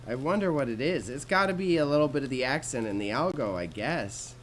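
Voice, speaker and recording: Sorting jewelry during a livestream, a young man with a Canadian accent chats with viewers, laid-back and slangy, swearing casually. His mid-range voice is lively and fairly quick with a fairly bright tone, and the rough recording carries a little hiss or hum.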